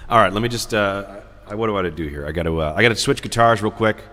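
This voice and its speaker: Hosting a live music stream, a man chats casually between songs, rambling, joking, and reading viewer comments aloud. His voice is lowish and sharp in tone, at a moderate pace, and sounds as if he's in a large hall.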